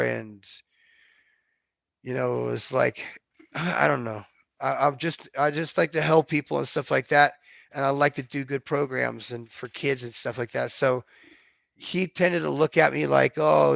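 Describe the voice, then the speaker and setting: Gravelly, medium-pitched, and a bit bright, this man's voice comes through with no room sound. He's a vlogger recounting personal stories in a casual monologue, swearing freely and speaking bluntly in what he describes as a robotic manner.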